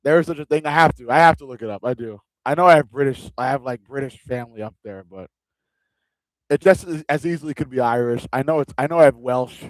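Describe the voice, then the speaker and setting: A man's voice: medium pitch, fast talker, no echo. A man hosting a live fight watch-along, chatting casually and joking with loose, rambling restarts. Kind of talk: casual live-stream chat.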